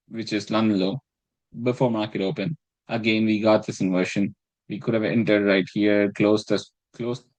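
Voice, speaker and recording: A man with a fairly low voice walks through his trades in a loose, rambling way, cursing and putting himself down as he restarts his sentences. The recording is dry and close, with no room sound. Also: a little mellow, no echo, low-quality recording. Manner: rambling and self-deprecating, swears freely, restarts phrases. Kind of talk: casual screen-recorded trading breakdown.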